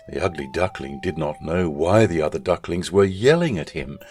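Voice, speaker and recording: Deep-voiced man reading a children's story. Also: normal speed, hardly any pauses, slightly rough, soft background music. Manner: expressive, animated storytelling. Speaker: school chaplain.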